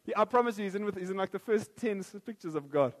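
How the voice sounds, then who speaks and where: A man's voice: sits high, lively intonation, quick pace, long reverb tail. A man preaching a sermon, joking at first and then earnest and prayerful.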